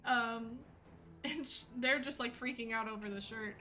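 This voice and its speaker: A woman's voice: a little high, normal speed, pushed and bright, soft background music, poor audio. A woman streamer telling a story to her chat in a chatty way, laughing often and using many fillers. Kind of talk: casual storytelling to a live chat. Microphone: desk mic with ring light setup.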